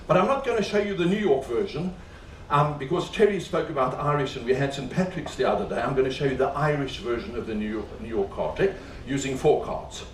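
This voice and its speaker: A man's voice: fairly high pitch, expressive, fast, slight background noise. A man performing as a comedy magician in a live stage show, chatting and teasing the audience with jokes between tricks. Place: cruise ship show lounge. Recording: roomy, distant live stage recording with faint audience ambience.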